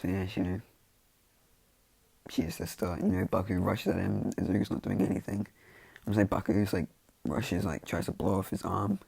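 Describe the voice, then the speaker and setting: Casual storyteller, man, low and gravelly, rambling with endless fillers. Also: steady tone, moderate pace, long pauses, darkish tone, no echo. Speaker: fan storyteller.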